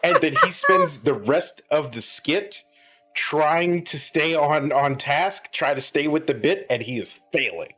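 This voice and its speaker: A man's voice: on the high side, animated, unhurried, sharp tone, slightly rough, faint music behind. A man chatting casually as a podcast guest, rambling and restarting his sentences often. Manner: rambling, frequent restarts and filler words. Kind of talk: casual chat.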